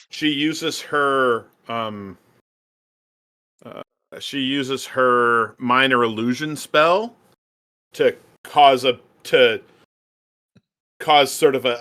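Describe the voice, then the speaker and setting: A man's voice: mid-range voice, sharp tone. A man playing a tabletop game, brash and joking as he describes his character's moves. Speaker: player.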